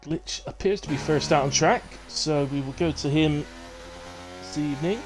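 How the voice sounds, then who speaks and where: A man's voice: on the high side, moderate pace, noisy background. Rambling streamer man. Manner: rambling and self-deprecating, with many fillers and restarts. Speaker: live-stream host of a racing league. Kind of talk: casual live-stream commentary.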